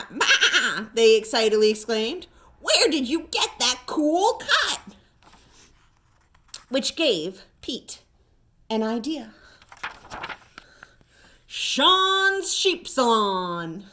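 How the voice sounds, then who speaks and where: A woman librarian with an American accent, reading a picture book aloud at storytime in an expressive way. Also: high voice. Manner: animated, expressive. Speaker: children's librarian.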